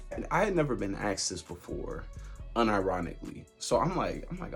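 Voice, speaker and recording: A young man telling a casual, animated storytime on his vlog, full of filler words and laughter. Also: fairly high pitch, normal speed, slightly rough, faint music behind. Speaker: vlogger.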